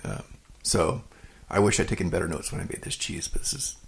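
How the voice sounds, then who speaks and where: A man with a gravelly voice chats casually on a cheesemaking podcast. His talk is halting and full of restarts. He laughs easily. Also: sits low, lively intonation. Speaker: podcast co-host, home cheesemaker. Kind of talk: casual chat.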